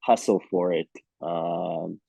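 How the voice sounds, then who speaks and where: A man's voice: low voice, fairly even intonation, slow pace, gravelly, dark tone, slightly rough, dry recording. A man with an Israeli accent chatting playfully as an actor guest in a video-call interview, with many fillers and restarts.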